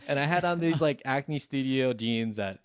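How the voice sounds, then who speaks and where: A man's voice: medium pitch, animated, normal speed, smooth, no room sound, studio quality. A young man telling a rambling, profane story in casual chat as a podcast guest, acting out what others said. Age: young adult. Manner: rambling, swears freely, acts out quotes.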